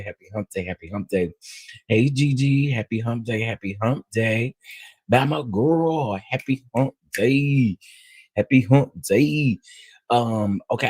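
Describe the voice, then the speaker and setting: Man, livestream host, AAVE speech, husky, dry close sound, playful chat. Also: medium pitch, no echo. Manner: animated, greets viewers one by one, playful.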